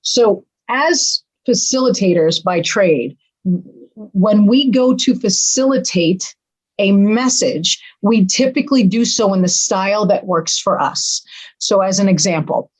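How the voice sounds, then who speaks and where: Middle-aged woman, podcast guest, animated, dramatic storytelling, casual conversation. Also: mid-range voice, measured pace, rough recording. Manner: animated, dramatic, acts out quotes.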